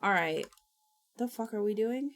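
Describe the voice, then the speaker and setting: A woman streamer talking to herself on a casual livestream, with vocal fry in her voice. She speaks slowly but her pitch swings widely. She reads instructions half aloud and swears offhandedly. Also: lively intonation.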